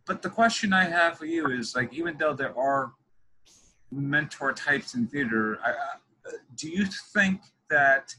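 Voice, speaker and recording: A man's voice: a little high, lively intonation, unhurried, bright, forceful tone, low-quality recording. A young man interviewing a guest, telling long, digressive stories in casual conversation. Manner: chatty, digressive storytelling.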